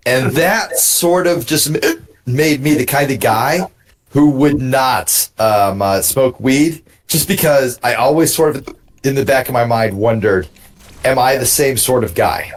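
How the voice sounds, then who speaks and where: Hiccuping tipsy man, lively rambling. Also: mid-range voice, a little slow. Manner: rambling, self-interrupting storyteller. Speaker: co-commentator on a game stream. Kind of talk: casual banter over gameplay.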